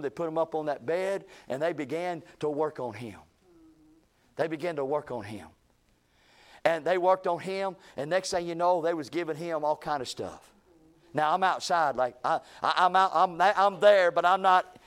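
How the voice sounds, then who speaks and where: Folksy pastor, high voice. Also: male voice. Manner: folksy storytelling, drawling with emphatic rises. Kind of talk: sermon. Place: church sanctuary.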